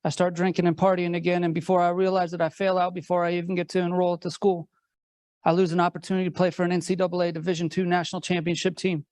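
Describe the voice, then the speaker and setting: Earnest man telling his story, high voice. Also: little pitch movement, quick pace, darkish tone, smooth, no room sound. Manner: earnest, builds with repeated rhetorical questions. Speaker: motivational speaker. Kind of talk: personal story told to a live audience.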